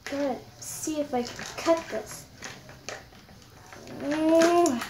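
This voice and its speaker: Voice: sits high, drawn-out words. A young girl chatting casually to viewers while she unboxes a toy, talking aloud as she fusses with the packaging. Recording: echoey room with background noise.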